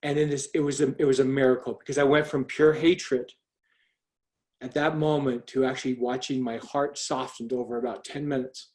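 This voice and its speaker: A middle-aged man quietly telling a personal faith testimony on a call, earnest, with frequent restarts. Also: medium pitch, steady tone, moderate pace. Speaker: speaker sharing a testimony. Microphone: call audio.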